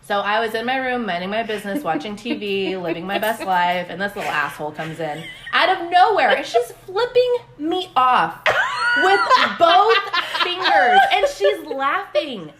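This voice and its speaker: Young woman with a high, bouncy voice ranting through a story, cusses a lot, echoey room with noise behind her. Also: moderate pace. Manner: animated, swears a lot, laughs while telling stories. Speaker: podcast co-host. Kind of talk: casual storytelling chat.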